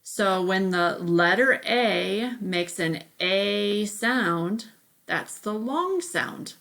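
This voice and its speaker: Slow, patient woman teaching phonics. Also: mid-range voice, lively intonation, fairly bright tone. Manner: patient, explains step by step, says okay often. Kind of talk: remote phonics lesson.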